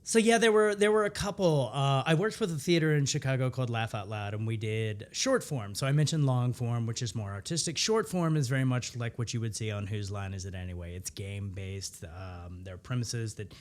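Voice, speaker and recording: A man in his thirties, an improviser, telling stories in a casual interview and acting out quoted lines in a higher voice. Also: fairly quick, hardly any pauses. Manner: animated storyteller, acts out quotes in a higher voice. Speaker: improviser guest.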